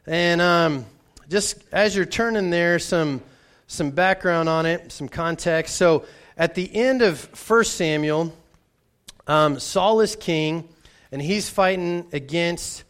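A man's voice: a little high, fairly bright tone. A man who is a pastor, preaching in a conversational way and often repeating words as he restarts. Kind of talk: sermon with a personal story.

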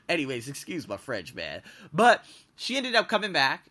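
A young man hosting his podcast, telling stories in a casual, animated way, swearing freely and laughing at his own anecdotes. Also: a little high, moderate pace. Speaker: podcast host. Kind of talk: casual storytelling monologue.

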